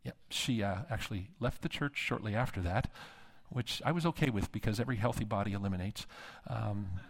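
Man preaching a lively sermon. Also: fairly low pitch, brisk, creaky. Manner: storytelling with humor, acts out quoted voices. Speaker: preacher and seminary dean. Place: conference hall.

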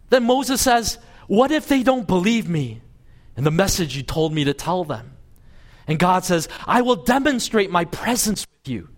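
Man, pastor, sermon, raised pitch, lively swinging intonation, storytelling. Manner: animated storytelling, voicing God and Moses with lively pitch swings. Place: church service.

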